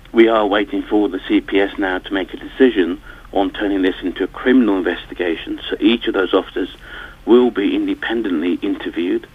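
A man who campaigns for his family, speaking haltingly in a radio interview, with many fillers and restarts. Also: on the low side, breathy edge. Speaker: campaigner and bereaved family member. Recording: tinny phone line.

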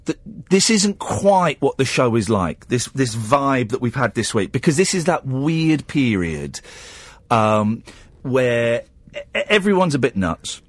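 A man's voice: mid-range voice, very animated, measured pace, no room sound. A man with an English accent hosting a late-night radio phone-in, rambling and teasing with lots of stammered restarts. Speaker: radio host. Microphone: studio microphone.

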